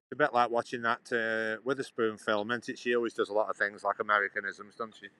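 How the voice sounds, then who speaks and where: A man's voice: lowish voice, flat delivery, fast talker, pushed and bright, dry recording, low-quality recording. A man rambling on a live stream outdoors, chatting back to his viewers. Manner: chatty, meandering, answers chat questions. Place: outdoors in a sunny town.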